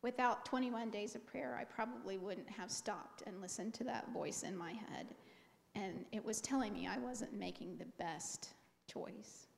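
A middle-aged woman shares a personal testimony, telling it in a lively, expressive way. Her voice sits at an ordinary middle pitch. It rings out with the long reverb of a large hall. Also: unhurried, creaky.

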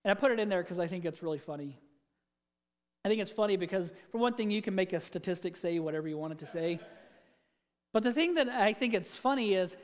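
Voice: mid-range voice, long reverb tail. A pastor preaching a sermon in a conversational way, asking the congregation questions and telling stories.

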